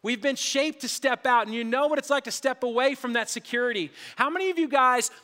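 A middle-aged man preaching a sermon as pastor. He tells stories with many restarts and drops to a hush on solemn lines. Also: very high-pitched, fairly quick, in a large hall. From Colorado.

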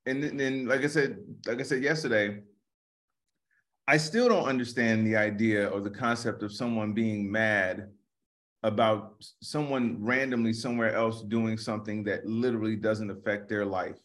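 A man's voice: lowish voice, fairly even intonation, normal speed, a bit bright. A man co-hosting a podcast in casual chat, speaking in a laid-back, rambling way with frequent restarts. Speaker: podcast co-host.

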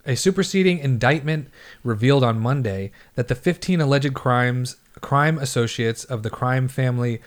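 A man's voice: mid-range voice, normal speed. Joking man reading news on a podcast. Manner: profane, joking, stumbles over words while reading. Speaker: podcast co-host. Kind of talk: casual comedic chat, reading news aloud.

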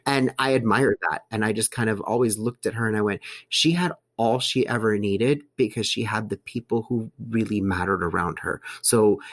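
A man in casual podcast talk, animated and chatty, who calls people honey. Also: fairly low pitch. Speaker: podcast guest, host of his own show. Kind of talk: casual chat. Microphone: studio mic.

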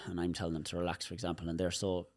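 Irish man, deep voice, dry close sound, chatty therapist guest who explains with lots of repeats and little demonstrations. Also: racing, dry recording. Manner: animated, demonstrative, repeats words while explaining. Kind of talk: casual interview chat.

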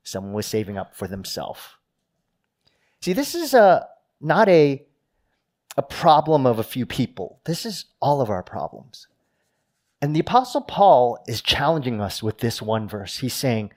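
A middle-aged male pastor delivering a sermon, his voice swinging up when he acts out people's boasting and dropping to a hushed, grave tone for warnings. His delivery is lively and uneven, with quick bursts and drawn-out phrases. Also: medium pitch.

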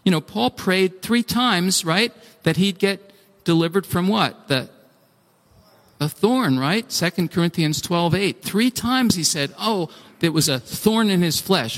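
A man preaching a sermon, animated and acting out pleas, with frequent restarts. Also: high-pitched. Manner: animated, acts out pleading voices, restarts often. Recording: long hall reverb.

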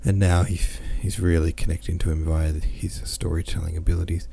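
A man with a deep, gravelly voice reads a novel chapter aloud for his podcast. His tone is dark and mellow, and he slips into easy, chatty asides between passages. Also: flat delivery, brisk, slight background noise. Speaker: podcast host and reader. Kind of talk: audiobook reading with listener comments.

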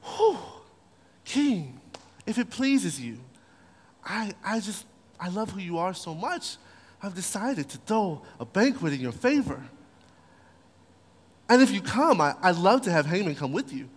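Man doing a soft, sweet, flattering young queen, high voice, long hall echo. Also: measured pace, long pauses, slightly rough, full character voice.

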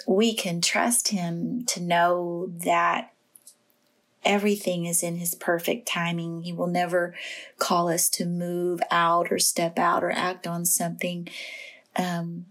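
A woman sharing a personal devotional message in a gentle, reflective way, with pauses and fillers. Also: on the low side, completely flat delivery. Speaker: Christian devotional speaker.

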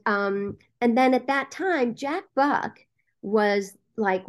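Woman telling a story on a podcast. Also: medium pitch. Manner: lively storyteller, frequent "um" fillers. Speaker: casting director and producer, guest. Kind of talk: podcast interview.

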